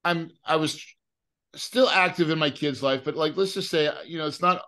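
A man's voice: a little high, normal speed, pushed and bright. A middle-aged man as a podcast guest, telling a personal story in a casual way, repeating words and often asking "right?". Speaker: guest, real estate investor. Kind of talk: emotional storytelling.

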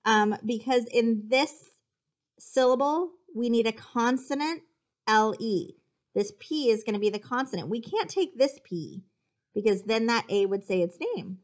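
Woman teacher, spelling dictation lesson, unhurried, carefully sounds out syllables. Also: fairly high pitch, animated. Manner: patient, slow and deliberate, sounding out syllables.

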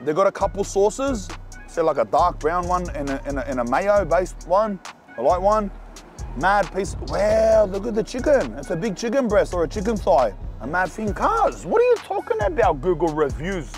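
A young man with a Sydney accent reviewing burgers in a casual vlog, talking in loud slangy banter. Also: moderate pace, faint music behind. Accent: Australian, Sydney. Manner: loud slangy banter, animated swings in pitch. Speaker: food reviewer and vlogger. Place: outdoors and in burger shops around the city.

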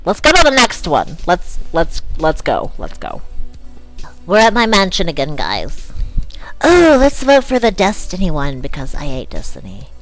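A woman's voice: fairly low pitch, a bit bright, full character voice. A woman voicing a spoiled, vain rich socialite in gameplay commentary, with a valley-girl drawl, gasps and whiny "ugh"s. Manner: screams in furious tantrums. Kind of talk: let's-play commentary in character.

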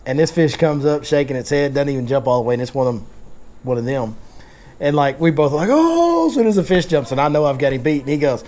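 A man's voice: medium pitch, fairly even intonation, fast talker, darkish tone. A man hosting a casual fishing seminar, telling stories and joking in Southern slang. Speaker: fishing guide and seminar host.

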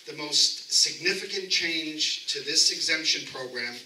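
A man with a New York accent, a representative of the county assessor's office, giving a brisk, matter-of-fact presentation at a town hall meeting. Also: fairly high pitch, bright, forceful tone, slight background noise. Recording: echoey room, mic from a distance.

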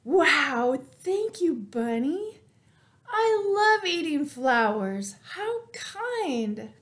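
A woman doing a big gentle cow. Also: high-pitched, big pitch swings, drawn-out words, voice pushed up, full character voice. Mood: delighted. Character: big gentle female cow, kind and grateful.

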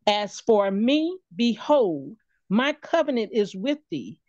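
Deliberate woman reading verses slowly, dry and dull sound. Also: mid-range voice, very animated, darkish tone, no echo. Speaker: scripture reader. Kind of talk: reading scripture aloud.

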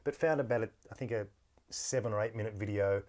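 Fast and darkish in tone, this man's voice sits on the low side. As host of a podcast interview, he chats casually into the microphone, storytelling with many restarts and laughing without much prompting.

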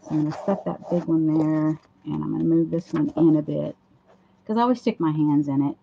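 A hoarse woman hosts a casual craft livestream, chatting through each step as she works at a home craft table. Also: sits low, brisk, a little hiss or hum. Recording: dull lo-fi livestream audio.

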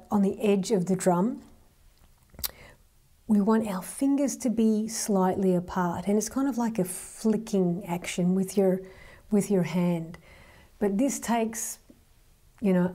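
A woman teaching hand drum rhythms, calmly counting out strokes and hand patterns. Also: mid-range voice, a little slow. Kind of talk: hand drumming lesson.

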